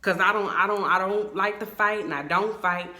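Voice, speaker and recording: A young woman tells her viewers a story, animated and emphatic. Her voice is bright and forceful, and it bounces around an echoey room. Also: mid-range voice, normal speed. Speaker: vlogger. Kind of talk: storytime vlog.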